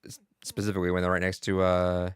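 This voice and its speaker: A young man co-hosting a podcast, talking about a video game in a rambling, excitable, profane way. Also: low-pitched, quick pace, clear, resonant tone, no echo, clean studio sound. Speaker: podcast co-host. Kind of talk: casual gaming chat.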